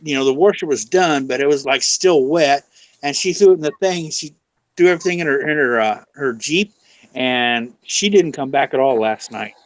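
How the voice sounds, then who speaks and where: A man of medium pitch, recorded with poor audio and no room sound, talks at a moderate pace. He's a live-stream guest spinning a long, rambling anecdote full of "you know," performing the quoted lines in a casual storytelling chat.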